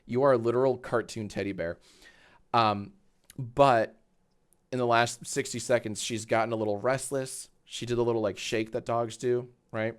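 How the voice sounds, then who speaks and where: A man in his thirties hosts a casual live stream, rambling loosely with plenty of fillers and swearing. His voice sits at an ordinary middle pitch. When he talks to his dog, he jumps up into a high, cooing baby voice. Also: fairly even intonation, moderate pace, clear, resonant tone. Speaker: livestream host.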